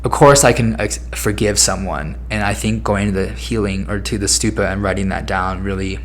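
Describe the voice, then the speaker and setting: A man's voice: lowish voice, steady tone, moderate pace. A man in his twenties hosting a personal podcast, speaking candidly and emotionally and swearing freely. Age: 20s. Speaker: podcast host.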